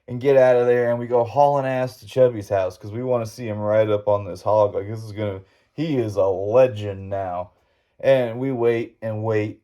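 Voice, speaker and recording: A man's voice: mid-range voice, dark tone. A middle-aged man hosting a podcast, telling a rambling, folksy childhood story with some swearing. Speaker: podcast host. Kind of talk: casual storytelling monologue.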